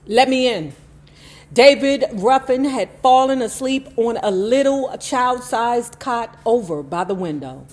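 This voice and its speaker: A woman's voice: fairly high pitch, expressive, unhurried, hardly any pauses, a little mellow. Blunt, profane woman reading with asides. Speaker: YouTube host reading a memoir. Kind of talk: reading aloud with commentary.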